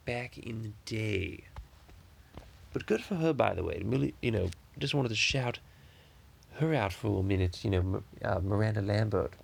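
A man's voice: on the low side, creaky, darkish tone, breathy edge. A man in his thirties hosting a podcast in casual chat, rambling with lots of restarts and free swearing. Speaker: podcast host.

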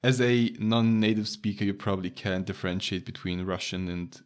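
A man's voice: lowish voice, fairly even intonation, a little fast. A man with a light Romanian accent, a native Romanian speaker, chatting casually with a friend, laughing often and restarting his sentences. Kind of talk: casual chat.

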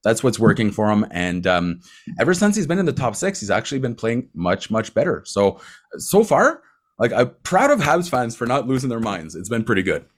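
A man in casual sports chat about hockey, animated, laughing often, with quick asides. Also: medium pitch. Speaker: hockey commentator.

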